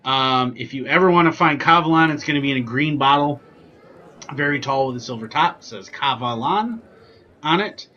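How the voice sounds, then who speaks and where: Casual guy rambling through a whiskey tasting, bright voice, kinda dull lo-fi audio. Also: mid-range voice, moderate pace. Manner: chatty and joking, many ums and asides. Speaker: whiskey reviewer, channel host.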